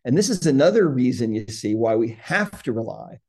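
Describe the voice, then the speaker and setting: A man, a guest, calmly explaining a healing method step by step in conversation. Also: mid-range voice, fairly quick. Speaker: guest, energy healing practitioner.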